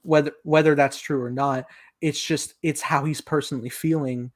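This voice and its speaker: A man's voice: on the high side, steady tone, moderate pace. A young man co-hosting a casual film review podcast, animatedly retelling scenes and acting out quoted lines. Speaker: podcast co-host.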